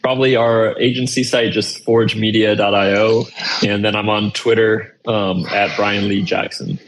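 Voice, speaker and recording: A man answers as a podcast guest in a relaxed, low-key way, his voice low and flat. Faint clicking noises are heard behind him. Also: moderate pace, a little hiss or hum. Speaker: guest panelist. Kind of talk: casual chat.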